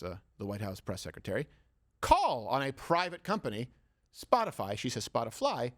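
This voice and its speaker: A man hosting a comedy panel show, joking with co-hosts, laughing often and acting out the people in his stories. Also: medium pitch. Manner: animated, laughing, acts out quoted people. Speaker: host.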